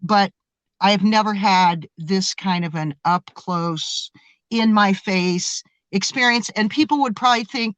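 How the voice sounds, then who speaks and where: A woman guest telling a story in a casual interview, animated and excitable, often restarting and stammering. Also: medium pitch, measured pace, no room sound, rough recording.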